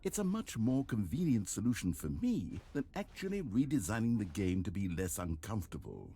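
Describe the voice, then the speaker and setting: A wry, smug game narrator. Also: male voice, lowish voice, big pitch swings, warm tone. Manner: dry, ironic, measured delivery. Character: wry, self-satisfied male video game narrator.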